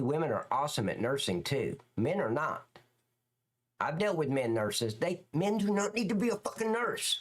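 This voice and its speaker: A middle-aged man, a former police officer, ranting bluntly and crudely as he chats with viewers on a livestream, his pitch swinging up and down. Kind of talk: casual livestream chat reacting to viewers.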